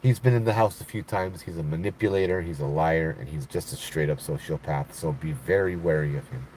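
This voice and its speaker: A man's voice: rumbling low, brisk, darkish tone, a little hiss or hum, voice pushed down, poor audio. A man voicing a coworker who gives a blunt, serious warning.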